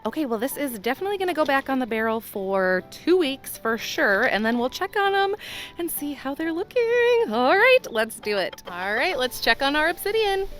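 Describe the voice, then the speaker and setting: A young woman hosting a casual hobby vlog, excitable and quick to gasp and laugh. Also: high-pitched, faint music behind. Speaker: rock tumbling channel host.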